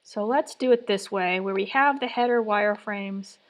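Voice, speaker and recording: A woman's voice: mid-range voice, normal speed. A woman streaming live from her home workspace. She mutters to herself as she tries things out, one attempt after another. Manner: muttering, trial-and-error self-talk. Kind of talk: live design stream, thinking aloud.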